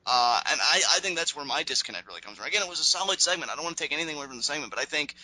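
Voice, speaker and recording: A man with a strikingly bright voice hosts a casual podcast recap, rambling along with lots of fillers. He acts out other people's lines as he goes. The sound is dry and close. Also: a little high, lively intonation, rapid-fire, no room sound, rough recording. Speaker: podcast host recapping wrestling.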